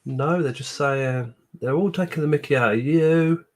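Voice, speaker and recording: A man's voice: a little high, moderate pace. Sniffly man hosting a livestream. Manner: chatty, laughs often, greets viewers by name. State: sniffly from a cold. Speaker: livestream host. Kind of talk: casual livestream chat.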